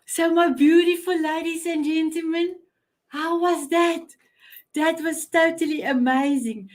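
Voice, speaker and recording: With a very high-pitched voice, fairly even intonation and a measured pace, this middle-aged South African woman hosts a live online show on a video call. She speaks effusively, often repeating herself and restarting.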